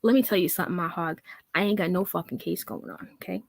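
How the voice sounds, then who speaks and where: A woman's voice: lowish voice, quick pace, gravelly, dry recording. Sarcastic woman ranting, dry close sound. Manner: mocking, profane, reads comments aloud in a scornful tone. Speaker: commentary vlogger. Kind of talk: sarcastic commentary rant.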